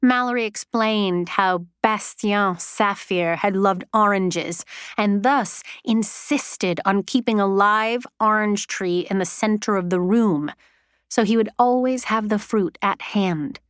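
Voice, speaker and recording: A woman narrating a story in a measured, unhurried storytelling manner. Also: medium pitch, smooth, no room sound, studio quality. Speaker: audiobook narrator. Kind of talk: scripted narration.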